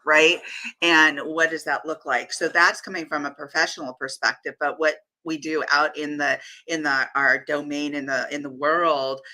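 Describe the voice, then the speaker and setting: Bright-voiced woman podcast host. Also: low voice, low-quality recording. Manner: reflective, reads listener comments aloud. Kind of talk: casual podcast conversation.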